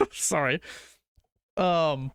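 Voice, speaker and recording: A man's voice: high voice, huge pitch swings, very slow, a bit bright, no room sound, clean studio sound. A young adult man streaming, chatting loosely with his chat, swearing casually and arguing food opinions in a rambling way.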